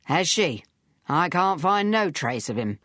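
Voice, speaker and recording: A woman's voice: lowish voice, sing-song, measured pace, fairly bright tone, dry recording, clean studio sound. A woman voicing a tired, blunt middle-aged police inspector who speaks abruptly in an audiobook. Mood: weary.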